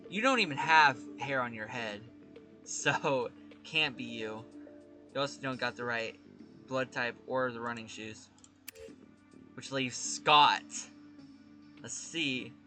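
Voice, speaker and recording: A man's voice: medium pitch, takes it slowly, pauses often, sharp tone, soft background music. A man playing a detective game, chatting casually and swearing while he reads out every character. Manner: casual, profane, reads all characters aloud. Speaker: gaming YouTuber. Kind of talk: let's play commentary with voiced dialogue.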